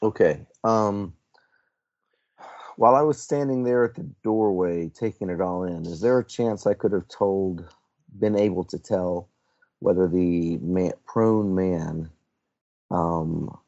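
A man's voice: sits low, unhurried, vocal fry, a little mellow, no echo. A man playing a tabletop game, casual and wry, rambling with fillers. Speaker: player. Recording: dull lo-fi recording.

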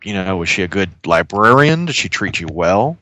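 Lively man playing a tabletop game. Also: low voice, normal speed, no echo. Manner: playful, self-correcting. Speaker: player.

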